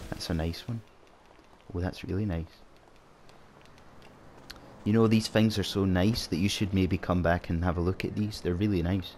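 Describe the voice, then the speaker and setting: A man's voice: sits low, steady tone, normal speed, pauses often, darkish tone, a little hiss or hum. A man hosting a gaming channel, giving casual gameplay commentary with dry, sarcastic muttering at a teammate.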